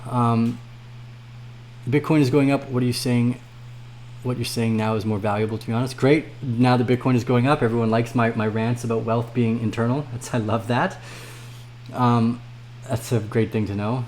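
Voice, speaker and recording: A man hosting a crypto trading livestream, chatting casually with viewers, swearing freely and swinging from low mumbles to loud rants. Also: steady tone, moderate pace, slight background noise.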